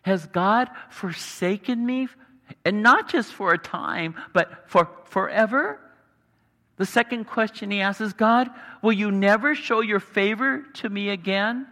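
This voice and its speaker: A man preaching a sermon, earnest and explanatory, pausing for emphasis. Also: high-pitched, sharp tone. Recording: long hall reverb.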